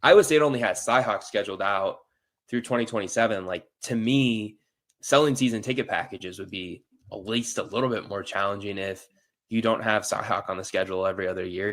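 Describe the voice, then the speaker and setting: A man with a lowish voice who grew up near St. Louis, guesting on a sports podcast. He talks casually and with feeling, peppering his points with "like.". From near St. Louis, US Midwest. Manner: animated opinions, repeated "like". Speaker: guest reporter.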